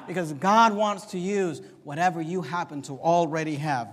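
A man preaching a sermon to his congregation, swinging between loud, emphatic declarations and quiet, conversational storytelling. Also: fairly high pitch, moderate pace, few pauses, big-room sound. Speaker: pastor. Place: church sanctuary.

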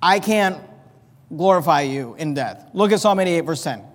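A man's voice: on the high side, lively intonation, normal speed, long reverb tail. A man preaching a sermon as pastor, reading scripture and building to pleading emphasis.

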